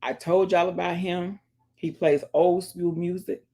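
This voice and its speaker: A woman vlogger in casual chat, giving emphatic shout-outs and calling her viewers "y'all" while she listens to music in her earphones. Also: lowish voice, steady tone, unhurried, creaky. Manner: chatty and emphatic, keeps addressing viewers as y'all; preachy, urges viewers to pray and support others. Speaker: vlogger, channel host. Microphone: earphones in, listening to music while talking.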